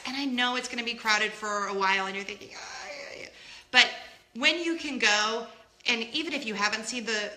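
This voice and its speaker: A woman's voice: medium pitch, reverberant. A woman, telling a story in a casual vlog, gushing and laughing often. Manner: gushing, laughs often, acts out loud gasps. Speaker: vlogger.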